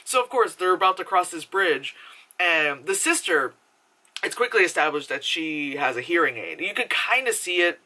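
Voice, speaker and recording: Young woman rambling about a movie, swears a lot, bright voice, tons of "like". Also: on the low side, normal speed. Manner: rambling, profane, full of filler words; laughs while talking, animated retelling. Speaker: movie reviewer. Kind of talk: casual spoken film review.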